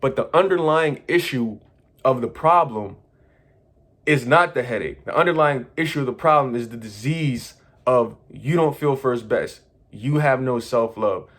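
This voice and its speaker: A man's voice: medium pitch, unhurried, a bit bright. A man coaching his viewers in an earnest, repetitive, lecturing monologue. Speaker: manifestation coach.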